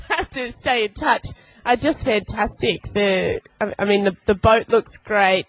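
A woman's voice: mid-range voice, dry recording, low-quality recording. A woman radio host in a casual interview, chatty and enthusiastic, laughing often.

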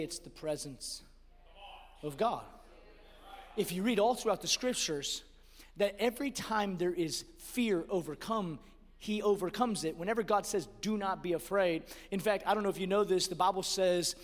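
A man with a very high voice preaches a sermon, dropping to near-hushed asides and then building to shouted emphasis. He often restarts his phrases with quick repeats. His voice carries a long reverb, as if filling a large hall. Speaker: pastor.

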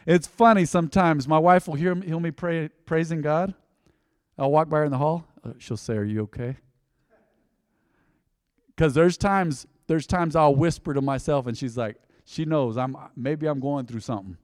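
A middle-aged male pastor giving a conversational sermon, dropping to a near hush and then surging loud. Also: on the high side, normal speed, smooth, no room sound, clean studio sound.

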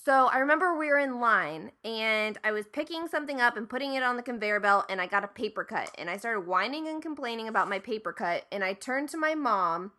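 Animated storytelling woman, bright voice. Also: a little high, a little fast, few pauses. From Ohio. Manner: animated storyteller, swears, acts out quotes. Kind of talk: casual chat.

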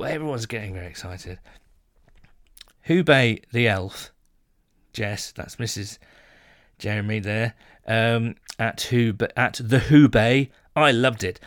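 A man's voice: medium pitch, fairly bright tone, no echo, studio quality. A man from the United Kingdom hosting a casual podcast, reading out listener messages and reacting with jokes. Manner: chatty, jokey, reads messages then reacts. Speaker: podcast host.

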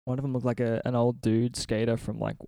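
A man's voice: mid-range voice, flat delivery, fairly quick, dark tone, no room sound, clean studio sound. Sweary man hosting a podcast. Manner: sweary, laughs often, rambling storyteller. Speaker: podcast host. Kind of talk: casual podcast chat. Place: a friend's house.

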